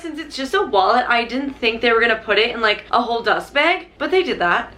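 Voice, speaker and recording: A young woman vlogging an unboxing, gushing and bubbly, peppering her talk with "literally" and "like", her pitch jumping high when she is thrilled. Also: expressive, normal speed, sharp tone, a little hiss or hum. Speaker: YouTuber. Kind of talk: excited unboxing vlog.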